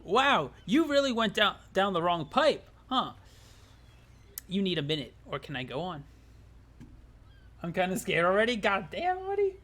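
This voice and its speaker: Smug, silky game narrator, teasing and theatrical, high and lively, as a streamer puts him on. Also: male voice, moderate pace, pauses often. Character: smug, well-spoken male game narrator. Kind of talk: reading a game narrator aloud.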